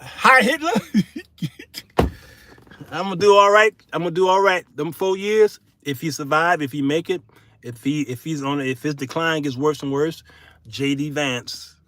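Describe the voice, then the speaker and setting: A middle-aged man hosting his own show in a solo monologue, turning from preachy sermonizing to folksy comic storytelling with shouted punchlines. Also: fairly high pitch, moderate pace. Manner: folksy, casual speech. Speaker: show host.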